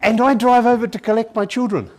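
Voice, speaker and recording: A man's voice: very high-pitched, fairly even intonation, fast talker. A man giving an educational talk to an audience in a conference hall, telling family stories and acting out the dialogue. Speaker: education presenter.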